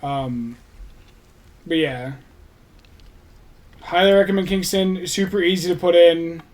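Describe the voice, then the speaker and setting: A man's voice: sits high, slow pace. A man chatting casually on his livestream, rambling, restarting sentences and swearing offhandedly.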